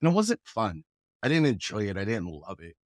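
A man from the Pacific Northwest, a guest telling stories in a relaxed, casual way, often chuckling. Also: fairly low pitch, fairly quick, no echo, studio quality. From Pacific Northwest, USA. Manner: relaxed, chuckles often, acts out quoted voices. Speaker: guest, rapper and actor. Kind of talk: casual conversational storytelling.

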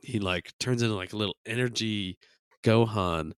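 A man's voice: on the low side, normal speed, smooth, no echo, studio quality. A young man co-hosting a podcast in casual chat, laughing often and slipping into jokey impressions. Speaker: podcast co-host.

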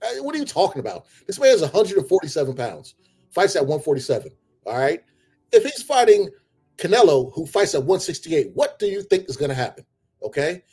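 A husky-voiced man talks combat sports in a loose, opinionated way. He builds into heated, animated rants. Faint music sits under his voice. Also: a little high, fairly quick. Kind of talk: casual sports talk.

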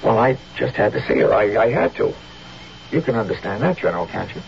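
An actor playing a nervous, stammering young colonial soldier in a 1970s radio drama, from a dull old broadcast recording. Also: male voice, lowish voice, wildly swooping pitch, a little fast, gravelly, a little hiss or hum, exaggerated voice. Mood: pleading.

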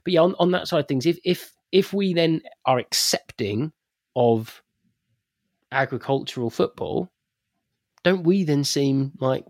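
A man's voice: fairly high pitch, lively intonation, measured pace, no room sound, clean studio sound. A man co-hosting a casual football podcast, talking in long rambling sentences full of restarts and fillers. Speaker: podcast co-host.

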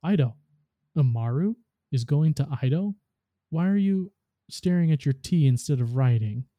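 Man doing a cheerful friendly ghost, eager, dark mellow tone, dry. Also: fairly high pitch, expressive, moderate pace, no echo, lightly acted. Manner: upbeat, eager.

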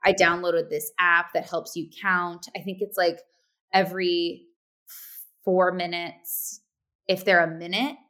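A woman in her thirties, a podcast co-host chatting casually and acting out quoted lines with sudden pitch jumps. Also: flat delivery, measured pace, sharp tone. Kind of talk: casual chat.

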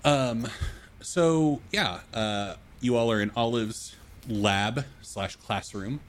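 A man narrating as game master in a tabletop game, relaxed and quick to laugh. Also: mid-range voice, a little hiss or hum.

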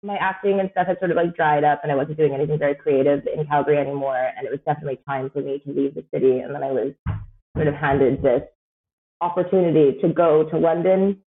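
A woman's voice: deep voice, steady tone, quick pace. A Canadian woman in her thirties, a podcast guest chatting casually in a rambling way, with plenty of fillers and frequent laughter. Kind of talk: casual chat. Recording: tinny phone-like line.

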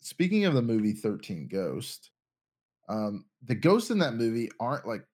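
A man's voice: mid-range voice, big pitch swings, normal speed, a little mellow. A young man co-hosting a casual podcast chat, rambling and thinking aloud with lots of restarts. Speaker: podcast co-host.

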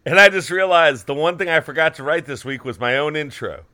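Bright-toned man teasing his co-host. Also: on the high side, fairly quick. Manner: teasing, storytelling, laughs easily. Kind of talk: casual comedic podcast banter.

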